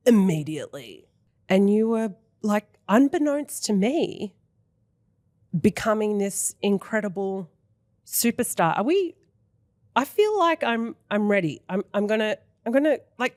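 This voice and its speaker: Hosting a podcast in a studio with no echo, a woman in her thirties speaks in a mid-range, darkish voice. The casual interview chat is effusive and emotional, with some casual swearing.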